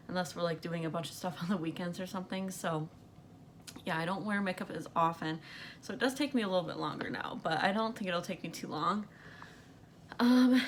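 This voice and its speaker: Young female vlogger, lowish voice, short of breath, rambly and filler-heavy, chatting to camera. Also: a little hiss or hum. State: out of breath from pregnancy. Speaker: beauty vlogger. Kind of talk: casual makeup chat to camera. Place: bedroom at night under bright light.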